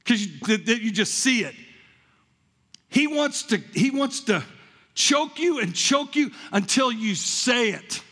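A man with a high, husky voice preaches to his congregation, spinning animated stories and stumbling over repeated words as he builds his point. His voice rings out with a long reverb tail, as if recorded in a large church hall. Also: a little slow. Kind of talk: energetic sermon with stories.

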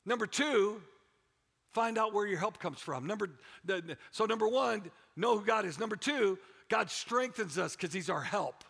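Middle-aged male pastor, energetic sermon, gravelly edge, echoey church hall. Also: sits high, normal speed. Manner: energetic, repeats phrases for emphasis, rallies the congregation. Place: church sanctuary.

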